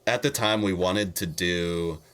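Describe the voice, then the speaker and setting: A young man co-hosting a podcast, telling a story in animated, hesitant casual chat with many fillers. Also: low-pitched, measured pace, slight background noise. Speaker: podcast co-host.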